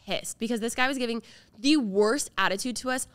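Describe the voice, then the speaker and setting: A woman's voice: a little high, fairly quick, clear, resonant tone, no echo, clean studio sound. A young woman co-hosting a podcast, telling a story in casual chat and acting out what people said. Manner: animated storytelling, acts out quotes. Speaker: podcast co-host.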